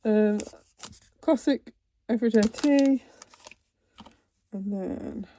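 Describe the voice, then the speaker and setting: Slow-talking woman, mellow and chatty. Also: mid-range voice, a little hiss or hum. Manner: chatty, unhurried, trailing asides. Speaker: cross-stitch vlogger. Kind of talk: casual chat while unboxing. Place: home, seated in a computer chair.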